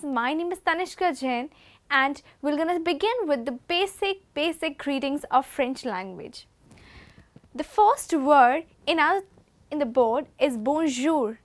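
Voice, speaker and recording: A woman with an Indian English accent, an assistant professor giving a lesson on French greetings and repeating each word slowly. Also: sits high, fairly bright tone. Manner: slow repeated pronunciation drills. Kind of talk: classroom lesson.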